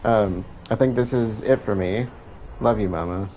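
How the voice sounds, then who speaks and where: A man's voice: on the low side, moderate pace, dull audio, a little hiss or hum, lightly acted. A man reading aloud the last note of a dying male worker, in a weary, pained voice with swearing.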